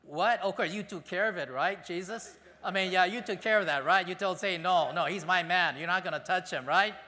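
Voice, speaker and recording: A man's voice: high-pitched, fairly quick, sharp tone, in a large hall. A man preaching acts out an anxious, disbelieving disciple who questions in a pleading way. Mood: incredulous. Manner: incredulous, pleading.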